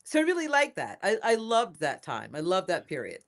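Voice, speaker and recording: An older woman being interviewed as a guest, talking in a lively, emphatic way and repeating phrases for emphasis. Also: mid-range voice, fairly quick. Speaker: inventor and guest. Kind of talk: casual interview.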